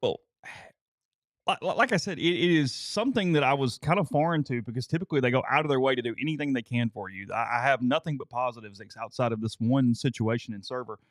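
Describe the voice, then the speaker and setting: A man's voice: mid-range voice, quick pace, dry recording, studio quality. A male co-host in a casual chat, telling long stories and stammering on repeated words.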